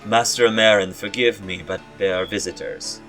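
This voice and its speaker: A man's voice: on the low side, steady tone, normal speed, fairly bright tone, soft background music, lightly acted. A man voicing an old male elf servant who speaks in a stiff, polite, formal way. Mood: deferential.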